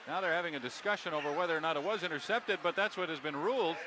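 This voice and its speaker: A man with a high voice calls the football game play by play in a crisp, steady broadcaster's manner. Loud stadium noise rolls behind him the whole time. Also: racing. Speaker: play-by-play announcer.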